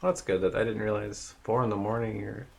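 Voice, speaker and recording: A man hosting a live painting stream, chatting casually and rambling with many fillers, in a fairly even tone. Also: fairly low pitch, a little fast, creaky. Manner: says his voice rarely goes up or down.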